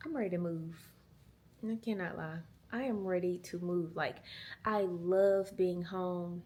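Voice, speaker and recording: A woman in her twenties vlogs about motherhood, chatting animatedly and casually to her small handheld camera and using "y'all" and "girl." She speaks slowly in a lowish voice.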